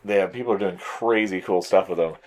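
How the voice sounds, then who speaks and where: A man's voice: deep voice, a little fast, background noise. A man co-hosting a toy show, telling a story in casual chat with a stuffy, allergy-congested voice and acting out other people's reactions. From Colorado. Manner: animated storytelling, mimics others.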